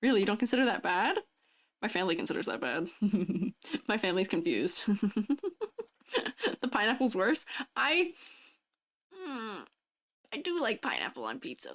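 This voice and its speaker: A woman's voice: medium pitch, big pitch swings, a little slow, pauses often. A woman streaming live, chatting casually and reading out chat messages, laughing often between lines. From United States. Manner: giggly, chatty, answers chat messages aloud.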